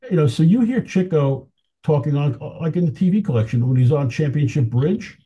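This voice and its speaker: Dark husky man, lively storytelling. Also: on the high side, brisk, muffled recording. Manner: enthusiastic, anecdotal, chuckles often. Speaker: film historian guest. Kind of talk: casual interview chat.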